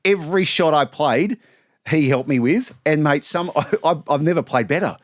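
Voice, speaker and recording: A man in his thirties with an Australian accent, a sports broadcaster telling animated anecdotes as a podcast guest, laughing and acting out quotes. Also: on the high side, normal speed, no room sound, clean studio sound. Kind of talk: casual storytelling chat.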